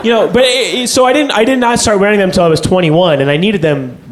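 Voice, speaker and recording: Young guy doing stand-up, kinda high voice, swears a lot, rambles, loud audience and noisy room behind him. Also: quick pace. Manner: rambling, profane, self-deprecating. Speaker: stand-up comedian. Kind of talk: stand-up set. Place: comedy stage before a live audience. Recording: live club recording with loud crowd noise.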